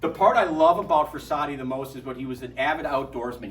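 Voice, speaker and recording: A middle-aged man giving a lively, joking parish talk to an audience, telling stories as he goes. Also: mid-range voice, fast. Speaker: adult formation speaker. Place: parish hall. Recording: echoey hall from far off.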